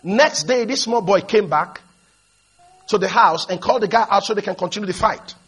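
A man preaching a sermon, leading the congregation to repeat his lines and building up to shouted emphasis as he tells stories. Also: high voice, normal speed, slightly rough, faint music behind. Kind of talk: sermon with call-and-response.

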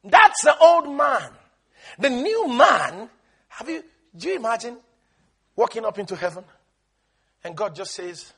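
A man's voice: extremely high pitch, very animated, unhurried, long pauses, a bit bright, breathy edge. A man preaching an emphatic sermon, calling on the congregation to answer him and repeat his words. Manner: emphatic call-and-response preaching.

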